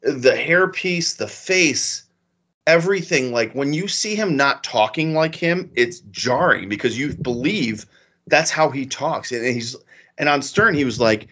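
A man co-hosting a podcast in casual chat, animated, swearing and acting out quotes as he tells stories. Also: medium pitch, a little slow, husky, lo-fi sound. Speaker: podcast co-host.

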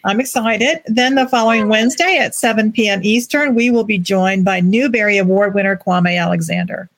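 A woman's voice: mid-range voice, brisk, no echo. A woman co-host making announcements and teasing in casual chat. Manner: teasing and upbeat.

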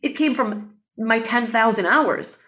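A woman being interviewed as a guest, telling a personal story in an earnest, animated way. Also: a little high, unhurried.

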